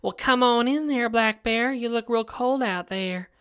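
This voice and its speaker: A man doing a folksy, cheerful Southern nursing home worker woman, pitched far above an ordinary speaking voice. She drawls in a welcoming singsong as if a wild animal were just another visitor. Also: measured pace, sharp tone, clear, resonant tone, heavily acted.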